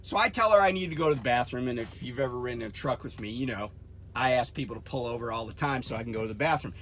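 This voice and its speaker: A man's voice: medium pitch, fast, slight background noise. Heated, swearing trucker man. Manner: heated, profane retelling with shouted quotes. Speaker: truck driver trainer. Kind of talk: storytelling vlog.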